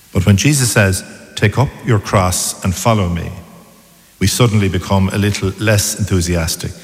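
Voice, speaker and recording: A man preaching a measured, deliberate sermon as a priest. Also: on the low side. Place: church. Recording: long church reverb.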